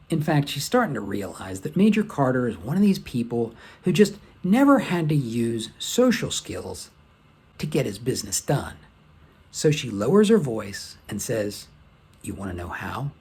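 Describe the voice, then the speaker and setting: A man's voice: medium pitch, huge pitch swings, normal speed, a little mellow, slightly rough. A man presenting a training lesson as scripted, conversational storytelling.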